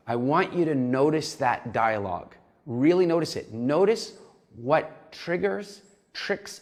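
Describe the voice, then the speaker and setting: An animated man coaching a nutrition program in a recorded lesson. His voice sits in an ordinary middle pitch for a man. He acts out small inner dialogues as he explains.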